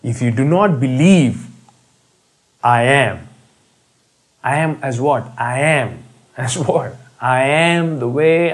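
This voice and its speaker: A male preacher delivers a sermon in a middle-pitched voice. He is emphatic, leans on repetition, and moves between loud declarations and hushed, stretched-out words. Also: low-quality recording.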